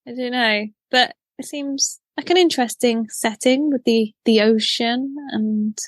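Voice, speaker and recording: A woman's voice: on the high side, unhurried, no echo. A woman co-hosting a podcast, talking in a hesitant, rambling way during casual review chat. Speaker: podcast co-host.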